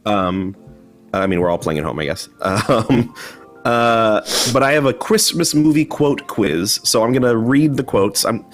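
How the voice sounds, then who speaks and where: A man hosting a casual online chat over a video call, chatty and quick to laugh, often restarting his sentences. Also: medium pitch, animated, faint music behind. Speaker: host.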